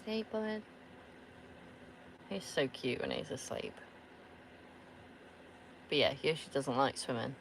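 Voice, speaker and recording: A woman's voice: very deep voice, expressive, slow pace, creaky, long pauses, a little hiss or hum. A woman chatting casually to her viewers in a camper van. She laughs often and swears offhandedly. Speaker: van-life vlogger. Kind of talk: casual chat answering viewers.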